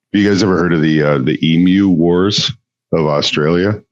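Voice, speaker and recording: A man with a very deep, low voice talks in a relaxed, easygoing way, dropping in plenty of yeps and mm-hmms. He comes across as a casual podcast guest. The sound is dry and a little muffled and dull. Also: unhurried, no room sound. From Upper Midwest US near the Canadian border. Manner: laid-back, lots of yep and mm-hmm. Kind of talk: casual chat.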